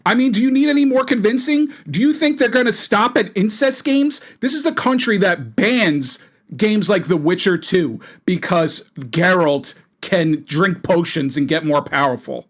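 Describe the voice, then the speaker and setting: A man giving an indignant, rambling gaming commentary full of fillers and restarts. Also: sits high. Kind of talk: video commentary.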